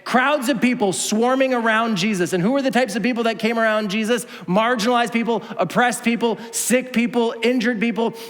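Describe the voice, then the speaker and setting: A man with a notably high voice delivers a sermon in a church auditorium. He tells the story in an animated way, acting out each speaker and dropping from full volume to a hush. The long reverb of the hall trails after every phrase. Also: fairly quick, few pauses. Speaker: pastor.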